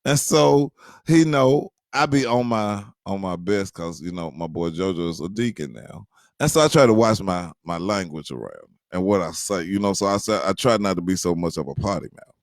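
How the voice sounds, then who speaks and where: A man casually telling a funny personal story to his viewers, animated, addressing them directly and often checking that they follow. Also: low voice, moderate pace, no echo, clean studio sound. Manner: animated, addresses listeners directly, many fillers.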